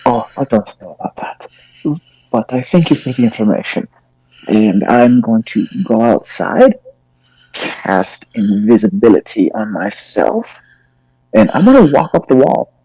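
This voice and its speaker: A man playing a tabletop game, smooth-talking and dropping into hushed whispers in character. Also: lowish voice, very animated, unhurried, no echo. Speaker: player. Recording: muffled lo-fi mic.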